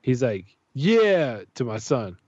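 A man's voice: medium pitch, moderate pace, no echo. A man tells a story in casual chat, swearing freely and jumping into the voices of the people he describes. His voice sits in a middle register. The recording is dry and slightly muffled. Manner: animated, profane, acts out voices in his stories.

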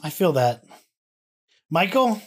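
A man's voice: sits high, very animated, slow pace, husky. A man co-hosting a casual podcast chat, talking in a goofy, rambling way. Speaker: podcast co-host.

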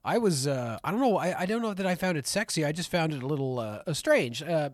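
A man's voice: on the high side, expressive, fast talker, no room sound. A man co-hosting a film podcast, joking and reading out listener comments in casual chat. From maritime region. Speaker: podcast co-host.

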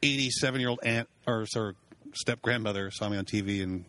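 A man talking on a comedy podcast as a guest comic, telling rambling stories and talking very fast. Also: fairly low pitch, pushed and bright. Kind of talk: casual comedy podcast chat.

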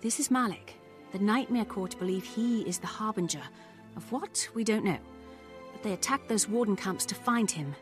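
A woman's voice: mid-range voice, moderate pace, soft background music, close to an everyday voice. An actress with an English accent playing a female sylvari warden who delivers an urgent report in a video game scene.

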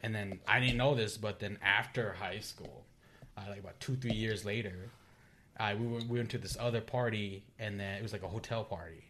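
A young man with a bright, forceful voice tells a story in a relaxed chat with friends. He is loose and profane, and he slips into the voices of the people in his story. There is a faint hum of background sound. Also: on the low side, a little fast. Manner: laid-back, swears freely, acts out quoted dialogue. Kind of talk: casual chat.

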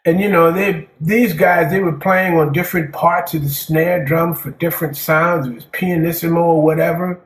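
A man's voice: on the high side, fairly even intonation, moderate pace, few pauses. A man who plays jazz drums, telling stories in a casual interview, rambling and peppering his talk with "man". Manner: rambling, repeats words, says "man" often. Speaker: jazz drummer guest. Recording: echoey room.

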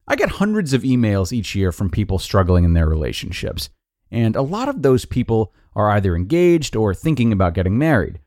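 A man hosting a podcast, reading a blog post aloud in a lively, expressive way. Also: lowish voice, brisk, dry recording, studio quality. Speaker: podcast host and narrator.

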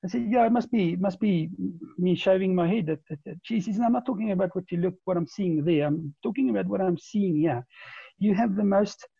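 Guy in his 40s rambling through a story on a podcast, kinda gravelly and husky, dark mellow tone, dull lo-fi sound. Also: high-pitched, fairly quick, no echo. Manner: rambling, with many repeated words and restarts. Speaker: interview guest. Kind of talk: conversational storytelling.

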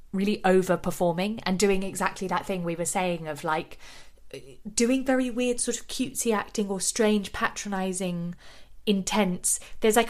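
A woman co-hosting a podcast, chatting casually and recapping scenes with lots of "like". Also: medium pitch. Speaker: podcast co-host. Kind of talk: casual chat.

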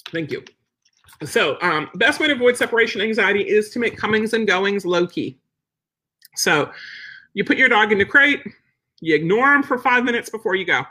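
A woman's voice: mid-range voice, expressive, normal speed, long pauses, sharp tone, husky. A woman dog trainer answering viewer questions in a casual, plain-spoken live teaching session. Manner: chatty, plain-spoken, acts out quotes.

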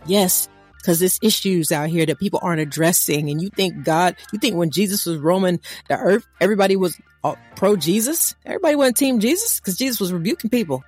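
Lady going off about faith on a podcast, lively and preachy, little bit of music under it. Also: on the low side, brisk, slightly rough. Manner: animated, preachy, conversational. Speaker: podcast co-host. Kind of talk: casual faith talk.

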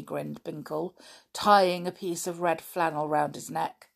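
Slow, expressive woman reading a bedtime story. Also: deep voice, vocal fry.

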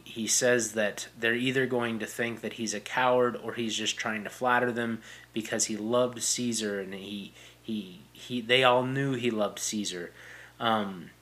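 A young man at an ordinary mid pitch talks through a classic play for his podcast. He paraphrases the quotes in loose everyday phrasing, stumbling into restarts and fillers as he explains. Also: fairly bright tone. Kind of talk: casual explanatory retelling.

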